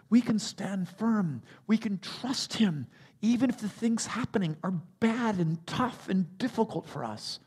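Pastor guy preaching, bit husky, kinda high voice, gets loud then drops quiet. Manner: animated, builds to emphatic peaks and drops to soft asides. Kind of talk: sermon.

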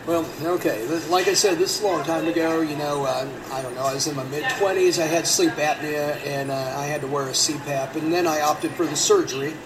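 A man's voice: fairly high pitch, brisk, few pauses, crowd noise. A middle-aged man, a podcast host, telling a long profane story in a rambling casual way. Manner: rambling, profane, animated when quoting. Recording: distant mic with background noise.

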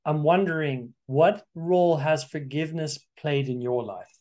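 Male interview host, animated and expressive, fairly high pitch, casual conversation. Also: normal speed. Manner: expressive, animated, acts out inner voices. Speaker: podcast host.

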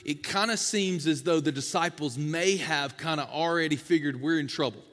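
A man's voice: fairly high pitch, normal speed, a bit bright, long reverb tail. A man preaching a sermon as a pastor, in a conversational, folksy way with casual asides to the congregation.

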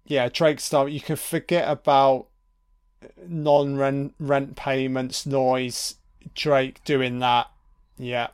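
Unhurried sweary film commentator, smooth voice. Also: male voice, medium pitch, level tone. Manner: sweary, wry and chatty. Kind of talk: casual audio commentary over a film.

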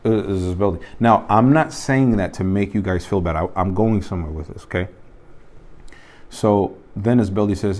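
A man's voice: on the low side, normal speed, darkish tone. A man teaching a youth leadership group around a table, telling stories and asking the group direct questions. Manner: conversational storytelling with direct questions. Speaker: youth pastor. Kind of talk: informal teaching to a small group.

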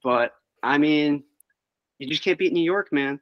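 Young man, relaxed filler-heavy chat. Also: fairly high pitch, measured pace, dry recording, highs cut off. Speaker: podcast co-host. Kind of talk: casual chat.

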